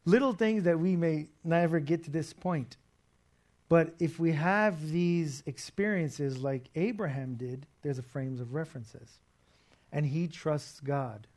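A man's voice: a little high, a little mellow. A man preaching a sermon to a congregation and online viewers, talking in a conversational, emphatic way. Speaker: pastor.

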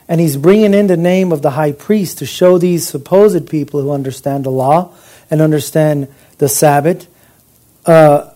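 A man's voice: on the high side, warm tone. A man giving an informal Bible teaching in a conversational way, often asking his listeners rhetorical questions. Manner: conversational, with restarts.

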